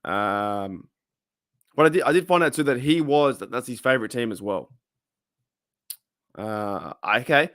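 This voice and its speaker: A man with an Australian accent and a hoarse, cracking voice, hosting a casual live chat and reading out viewer comments. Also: mid-range voice, moderate pace, pauses often, fairly bright tone, no echo, clean studio sound. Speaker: livestream host. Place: home room.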